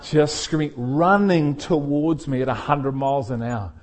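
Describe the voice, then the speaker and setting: A man's voice: fairly high pitch, measured pace. A middle-aged man, a pastor telling a personal story in a sermon and laughing often as he speaks. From England.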